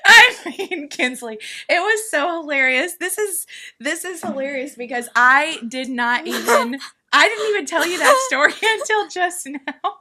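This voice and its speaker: A bright, high-voiced woman in middle age who hosts a relaxed family conversation. She tells stories with lots of energy and jumps into loud acted-out quotes. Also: a little slow. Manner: animated storyteller, acts out quotes loudly. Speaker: podcast host and mother. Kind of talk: casual family chat.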